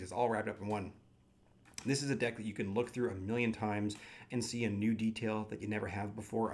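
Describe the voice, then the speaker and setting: A man chatting casually in a vlog, animated and gushing, with self-mocking asides. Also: lowish voice. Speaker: tarot deck collector.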